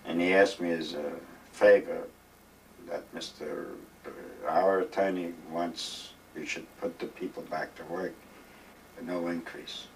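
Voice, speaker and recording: Low-voiced older man telling old stories. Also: fairly even intonation, a little slow, gravelly, far from the mic, slight background noise, low-quality recording. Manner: rambling, emphatic, acts out quoted dialogue. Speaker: interviewee. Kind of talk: reminiscing storytelling. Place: retirement village home.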